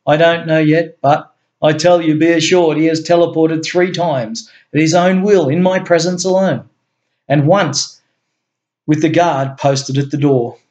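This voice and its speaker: A man's voice: on the high side, steady tone, a little slow, darkish tone, dull audio, close to an everyday voice. A man voicing an earnest male agency chief in a homemade story reading, explaining things in an eager, insistent way. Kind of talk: amateur story reading with voices.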